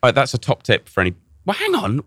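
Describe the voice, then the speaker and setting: A man's voice: medium pitch, wildly swooping pitch, fast, fairly bright tone, no echo, studio quality. A man hosting a casual chat, telling a story animatedly with lots of restarts.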